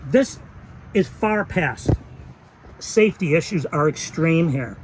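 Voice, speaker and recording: A man with a fairly high voice delivers a heated, aggravated rant to camera about his airgun. His delivery is emphatic and worked up. Faint noise hums under the recording. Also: animated, slow pace, rough recording. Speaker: airgun channel host.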